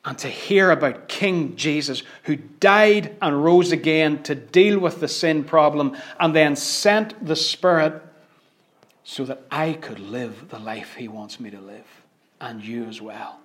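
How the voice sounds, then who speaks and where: A man's voice: on the high side, measured pace. Dramatic preacher, man. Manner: dramatic swings from loud emphatic declarations to hushed near-whispers. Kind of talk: sermon.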